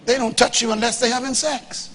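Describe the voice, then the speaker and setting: Guy preaching a sermon, high bright voice, gets loud then drops way quiet, acts out little dialogues, faint hiss behind. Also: brisk, husky. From Bahamas. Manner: animated preaching, swings from loud to hushed. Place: church hall before a live congregation.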